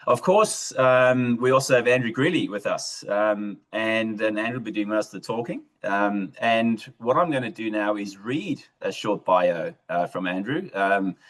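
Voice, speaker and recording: A man's voice: fairly low pitch, expressive, normal speed, few pauses, a bit bright, poor audio. A man hosting a webinar, giving an introduction and reading a guest's bio in a hesitant way. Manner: hesitant, with many fillers. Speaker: webinar host.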